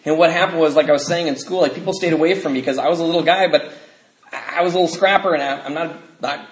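A man with a fairly high voice and a quick pace recounts his recovery story to a live group, rambling with lots of fillers and laughing through the dark stretches. The space is echoey, with a little background noise.

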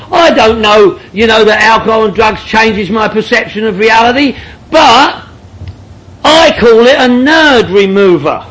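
A middle-aged man with a strikingly high voice tells his story to a meeting room crowd. He is blunt and joking, swears freely and laughs through his lines. His tone is bright and sharp. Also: measured pace, rough recording. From London, England. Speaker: speaker sharing at a recovery meeting. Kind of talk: comic storytelling to a group.

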